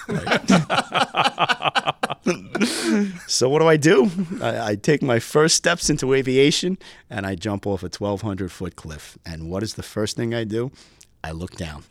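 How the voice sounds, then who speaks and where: A man's voice: medium pitch, huge pitch swings, slow pace, pauses often, no room sound. A man from the US East Coast, a police aviation lieutenant telling stories as a guest and laughing often. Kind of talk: storytelling interview answers.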